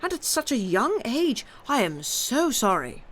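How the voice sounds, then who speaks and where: A woman's voice: fairly high pitch, very animated, fairly bright tone, pitched above the performer's own voice, heavily acted. A woman voicing a dignified old male general. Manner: dignified, measured.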